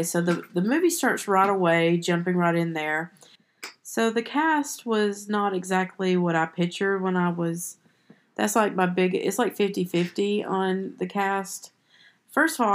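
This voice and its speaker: Lowish-voiced woman rambling on her movie podcast, chatty, lots of restarts. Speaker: podcast host. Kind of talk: casual movie podcast chat.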